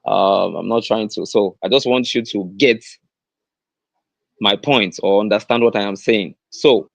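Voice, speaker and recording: Earnest Nigerian-accented male host, unhurried delivery, repeats his points, dry recording. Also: on the low side, creaky, no room sound. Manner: repeats key phrases, stressing them slowly; earnest, with many fillers and restarts. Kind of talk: motivational livestream talk.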